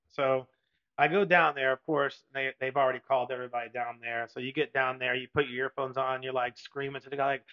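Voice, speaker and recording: Bright-voiced man telling a story. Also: mid-range voice, fairly even intonation, fairly quick. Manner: rambling, laughs often, lots of "like" fillers. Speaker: podcast co-host and Navy veteran. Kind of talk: casual storytelling. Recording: dull lo-fi recording.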